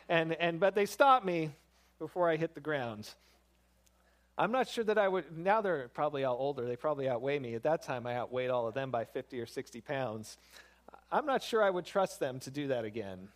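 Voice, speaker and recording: A man's voice: fairly high pitch, lively intonation, moderate pace. A man, a pastor, giving a sermon in a conversational, storytelling way that builds emphasis.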